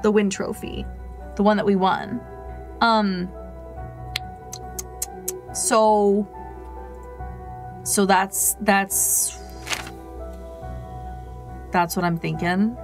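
A woman streaming a game, chatting casually to her viewers and telling stories in an animated way. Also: medium pitch, extremely slow, long pauses, soft background music. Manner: chatty, animated storyteller talking to chat. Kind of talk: casual gameplay chat.

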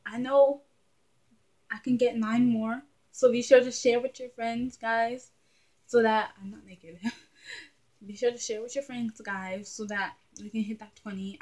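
Chatty young woman vlogger. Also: medium pitch. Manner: chatty, animated, laughs often. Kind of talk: casual talking-to-camera vlog.

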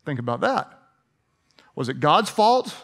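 Brief: male preacher, high-pitched, chatty and sarcastic, stammers out repeated words. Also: sing-song, unhurried, fairly bright tone. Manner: conversational, sarcastic, repeats words while speaking. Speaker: pastor. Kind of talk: sermon.

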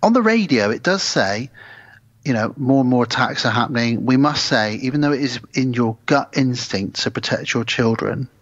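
A man's voice: medium pitch, normal speed, no echo. A man co-hosting a podcast, casually recapping a film and acting out the characters' lines with gusto. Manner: animated retelling, acting out quoted lines. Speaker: podcast co-host. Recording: slightly dull lo-fi sound.

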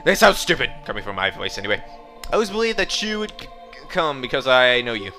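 A young Australian man giving goofy, excitable commentary while playing a video game. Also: medium pitch, fast, faint music behind. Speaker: let's play gamer.

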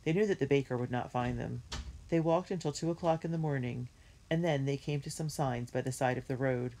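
A woman's voice: extremely low pitch, dark tone, a little hiss or hum. Woman reading a children's story aloud. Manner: clear, measured storytelling. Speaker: reader.

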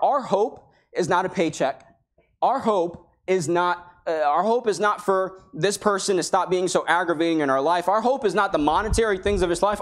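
A man preaching a sermon in a church, talking in a conversational way and acting out the people he quotes. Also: high-pitched. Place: church sanctuary.

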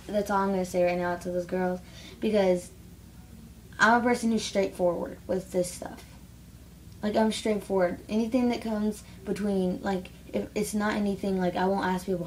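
Teen girl vlogger, casual blunt rant, mid-pitched, faint hiss behind. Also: darkish tone. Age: teens. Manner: blunt, rambling, peppered with "like".

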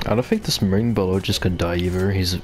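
Deep-voiced man casually narrating gameplay. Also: quick pace, over music. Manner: rambling, reads on-screen text aloud. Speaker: gamer.

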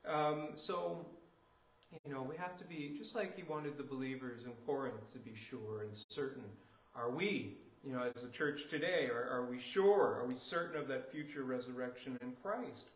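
A man's voice: mid-range voice, moderate pace, reverberant, poor audio. A man preaching a sermon as pastor, talking through scripture in a loose, conversational way full of "you know" and "uh", then swelling into emphatic declarations. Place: church sanctuary.

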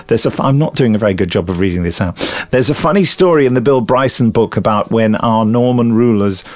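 A man co-hosting a podcast, chatting casually and reading listener emails aloud in a lively, amused way. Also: medium pitch. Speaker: podcast co-host.

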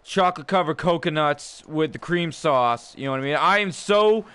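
Foul-mouthed excitable male game streamer. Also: fairly high pitch, clear, resonant tone. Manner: profane, excitable, quick to laugh. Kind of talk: casual livestream commentary.

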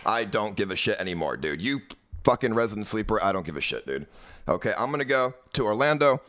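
A man's voice: on the low side, very animated, quick pace, fairly bright tone, slight background noise. Profane, agitated young male streamer. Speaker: live streamer. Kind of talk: livestream rant at chat.

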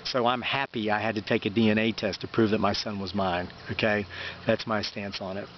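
Low-voiced rambling homestead man outdoors. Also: steady tone, a little fast, muffled recording, slight background noise. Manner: rambling, folksy, with many fillers and restarts. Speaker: homesteading vlogger. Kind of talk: casual storytelling monologue.

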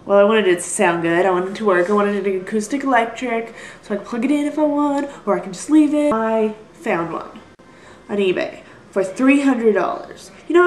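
A young woman vlogger rambles through a casual video, frequently apologizing and putting herself down. Her voice is mid-range, and the audio is poor and reverberant, captured on a built-in computer mic.

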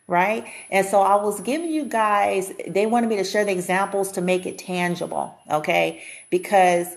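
A woman giving a casual spiritual reading to her viewers, chatty and blunt, swearing freely and often repeating herself as she thinks aloud. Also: lowish voice. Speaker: spiritual reader.

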